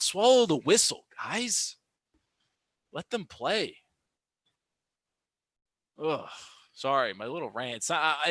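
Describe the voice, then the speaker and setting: A man's voice: a little high, dry recording. A young man doing casual live-stream basketball commentary, reacting and ranting about calls with lots of restarts and fillers. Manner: animated, quick to rant, lots of fillers and restarts. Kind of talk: excited play-by-play and reaction commentary.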